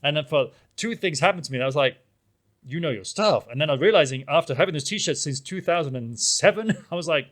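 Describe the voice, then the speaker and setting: A man's voice: on the high side, quick pace, few pauses. A man co-hosting a podcast, chatting casually and telling rambling stories with lots of fillers. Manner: rambling, animated storytelling with many fillers. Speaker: podcast co-host. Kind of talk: casual chat. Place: small town in Spain.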